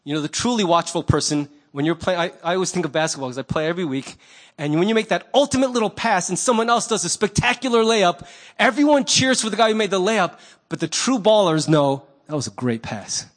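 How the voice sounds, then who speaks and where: A man preaching a sermon as pastor, conversational and animated, acting out little quoted voices. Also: high voice, a little fast.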